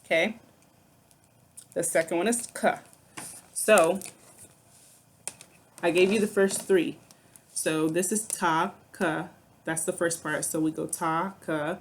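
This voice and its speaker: A woman's voice: on the low side, steady tone, takes it slowly, long pauses, slight background noise. A woman music teacher explaining rhythm syllables in a recorded lesson, patient and step by step, checking in with "okay".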